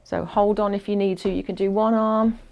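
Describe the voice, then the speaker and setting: A woman's voice: medium pitch, steady tone, fairly quick, vocal fry, a little mellow, soft background music. A woman instructing a fitness class, chatty and encouraging, counting down aloud and a little out of breath as she exercises along.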